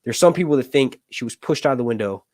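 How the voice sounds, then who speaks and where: A man's voice: medium pitch, expressive, fast, darkish tone, no echo, studio quality. A man hosting a casual livestream chat, rambling with lots of fillers and jokes. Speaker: host.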